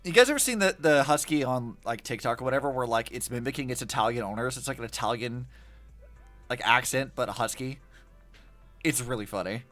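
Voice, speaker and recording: A young man commenting casually on a game he is playing, chatty and animated with lots of fillers. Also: medium pitch, brisk, soft background music. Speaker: streamer.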